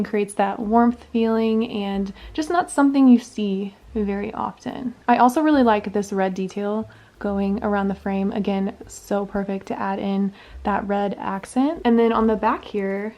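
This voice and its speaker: A young woman in her twenties, a vlogger, gushing softly and enthusiastically as she shows off her thrifted home decor. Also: mid-range voice. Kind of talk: casual thrift haul show-and-tell.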